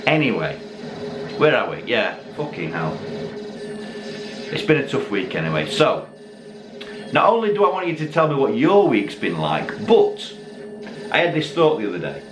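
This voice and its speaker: A man's voice: medium pitch, big pitch swings, normal speed, long pauses, music in the background. Tipsy rambling man. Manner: rambling, swearing, self-mocking. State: tipsy from drinking. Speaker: YouTube channel host. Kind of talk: casual chat to camera. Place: dim room at home, lit by Christmas lights. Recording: echoey room with faint background noise.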